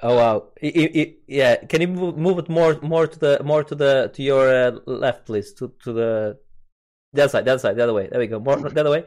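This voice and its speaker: A man's voice: medium pitch, brisk, darkish tone. Man, podcast host, rambling, stumbling restarts, casual chat, video call. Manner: rambling, stumbling, repeats words. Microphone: mic on a video call recording.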